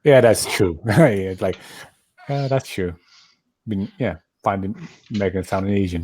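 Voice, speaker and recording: A man's voice: fairly low pitch, moderate pace, a little mellow, slight background noise. A man from Colorado chatting casually on a podcast, rambling and repeating himself as he talks. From Colorado, USA. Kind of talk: casual chat.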